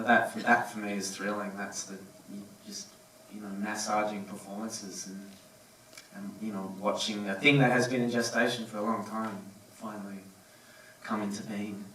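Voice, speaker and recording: A film director answering audience questions, halting, with many fillers and restarts. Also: male voice, fairly low pitch, little pitch movement, fairly bright tone, far from the mic, slight background noise. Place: cinema auditorium. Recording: echoey cinema, voice from afar.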